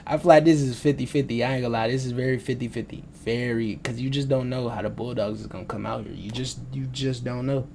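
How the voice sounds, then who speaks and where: A man's voice: medium pitch, fairly even intonation, fairly quick, vocal fry, a little mellow, slight background noise. Rambling young man with slang. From United States. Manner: loose, slangy, rambling and self-aware about rambling. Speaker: sports vlogger. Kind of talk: casual rambling sports predictions. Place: at home.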